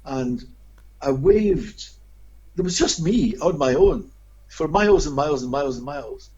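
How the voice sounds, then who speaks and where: Male guest, expressive storyteller, slightly high and husky, on a muffled lo-fi recording. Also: measured pace. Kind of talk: anecdotal storytelling. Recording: dull lo-fi audio.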